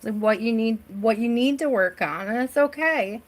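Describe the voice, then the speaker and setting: Her voice is a little high and moves at normal speed: a middle-aged woman running a live tarot stream from home, reassuring and casual, frequently tossing in "right?" to check in.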